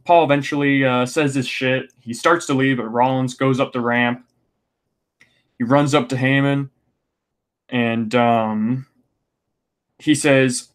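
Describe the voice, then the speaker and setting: Male podcast host, mid-pitch voice, casual and ranty, lots of ums and exasperated rhetorical questions. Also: a bit bright. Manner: ranting, exasperated, frequent "um" fillers and restarts.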